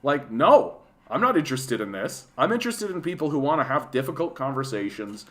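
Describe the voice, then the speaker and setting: A man's voice: medium pitch, fairly quick. Canadian man in his late 30s hosting a profane political rant, casual and heated, mid-range voice. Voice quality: profane, animated, lots of fillers. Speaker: political livestream host.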